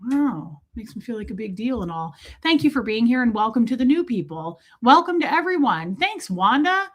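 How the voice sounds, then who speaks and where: Woman host, casual livestream chat, fairly high voice, quick greetings to viewers, slightly breathless. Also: sing-song. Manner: chatty, greets viewers by name in quick bursts. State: warm and a bit breathless. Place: small room with door shut.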